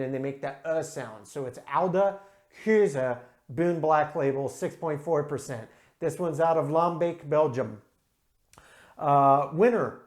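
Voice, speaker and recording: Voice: mid-range voice, darkish tone. A host reviewing craft beer in a casual talk to camera, enthusiastic and methodical, scoring each category aloud with frequent "uh" and "um" fillers.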